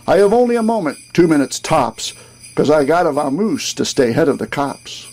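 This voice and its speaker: A man voicing a drunken, boastful old Santa figure on a boat, loud and jovial in a comic rhyming poem. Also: fairly high pitch, sing-song, moderate pace. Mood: boozy, jolly.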